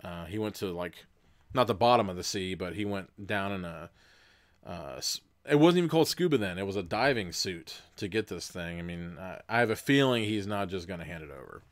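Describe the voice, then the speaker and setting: A man's voice: low voice, lively intonation, a little fast. A man hosting a livestream, reading a gamebook aloud casually, rambling and laughing between passages. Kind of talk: livestream gamebook narration with chat votes.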